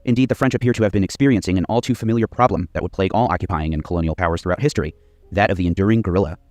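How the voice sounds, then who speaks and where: Fast deep-voiced male history narrator. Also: no echo. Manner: steady, measured reading of quotes. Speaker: documentary narrator.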